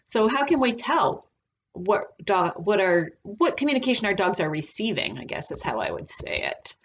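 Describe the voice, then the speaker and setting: A woman teaching a recorded lesson on dog behavior, talking in a relaxed, chatty way with frequent ums. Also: mid-range voice, moderate pace, a little hiss or hum. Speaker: dog trainer.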